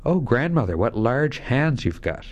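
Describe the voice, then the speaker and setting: A man's voice: mid-range voice, very animated, unhurried, muffled recording. A man reading a fairy tale aloud, voicing an innocent, polite young girl who speaks earnestly and trustingly. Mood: wondering.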